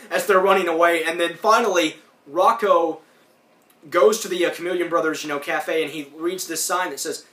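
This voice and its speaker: Podcast host, man, tense bright tone, casual rambling recap. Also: on the high side, steady tone, moderate pace, reverberant, far from the mic. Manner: rambling, acts out lines in put-on voices. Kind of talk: casual recap of a cartoon episode.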